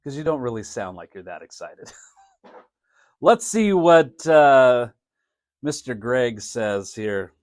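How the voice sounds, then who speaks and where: A man's voice: mid-range voice, very animated, takes it slowly, long pauses, no echo, clean studio sound. A man hosting a live podcast, talking casually, laughing often and acting out mock announcements. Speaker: podcast host. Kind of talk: casual live-stream talk.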